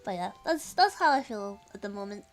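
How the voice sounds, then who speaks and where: A woman's voice: medium pitch, big pitch swings, fairly quick, faint music behind. A woman with a Californian American accent, chatting casually on a live stream, reading chat aloud, giggling often and saying "like" a lot.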